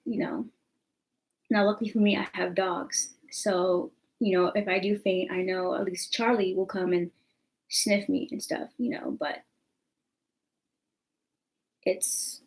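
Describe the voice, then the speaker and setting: A young woman vlogging casually, rambling with fillers and asides. Her voice sits at an ordinary pitch but carries plenty of creaky vocal fry. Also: fairly even intonation, a little slow, rough recording. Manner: chatty, rambling, lots of fillers. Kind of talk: casual chat to camera.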